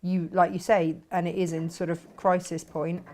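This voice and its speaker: A woman hosts a casual craft live stream, chatting easily and breaking into giggles often. She reads out comments from viewers in a relaxed, friendly way. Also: on the low side, moderate pace, a little hiss or hum. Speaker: craft show host.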